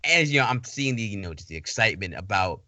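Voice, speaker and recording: A man hosting a podcast interview, asking long, halting, repetitive questions. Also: fairly low pitch, lively intonation, sharp tone, dry recording. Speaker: podcast host. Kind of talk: casual interview talk.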